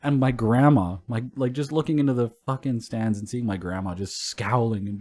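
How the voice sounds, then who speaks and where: A man's voice: medium pitch, a little fast, mellow. A young man co-hosting a casual podcast, telling rambling stories full of swearing and laughter. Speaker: podcast co-host.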